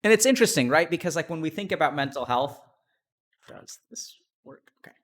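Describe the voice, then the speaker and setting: A man, a psychiatrist and stream host, telling a story in a casual, animated way, laughing as he swings between loud and quiet. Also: a little high, a little fast.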